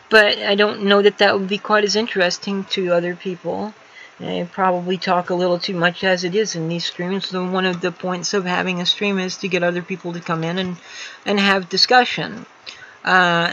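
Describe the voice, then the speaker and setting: A woman's voice: on the low side, little pitch movement, normal speed, creaky, fairly bright tone, slight background noise. A woman hosting a casual livestream from a room at home, rambling along with many fillers and restarts. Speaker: livestream host. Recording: slightly dull lo-fi home stream audio.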